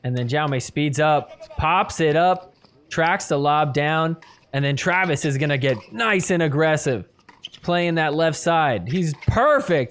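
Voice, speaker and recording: A man hosting a podcast, casually talking through match replays play by play and getting excited at big points. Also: fairly high pitch, a little slow. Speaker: podcast host recapping matches. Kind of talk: play-by-play video recap commentary.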